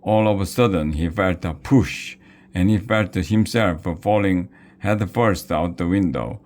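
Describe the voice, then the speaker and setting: A man's voice: low-pitched, darkish tone. A man reading a children's book aloud, at times stumbling and restarting a word. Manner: slow, with small slips and restarts. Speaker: storybook reader.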